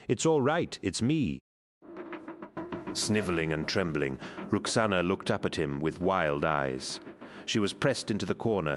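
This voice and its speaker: A man narrating an audiobook in a steady, measured way. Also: extremely low pitch, slight background noise.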